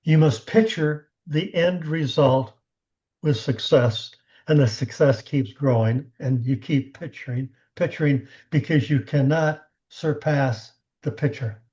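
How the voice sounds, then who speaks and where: A man giving a motivational coaching talk on a team call, animated, acting out the conversations he retells. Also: fairly high pitch, a little slow, muffled recording. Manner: animated storyteller who acts out quoted conversations.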